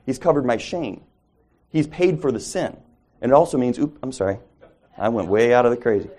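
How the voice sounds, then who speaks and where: A man's voice: medium pitch, brisk, mellow. A man leading a casual Bible study, teaching conversationally, asking the group questions and correcting himself as he goes.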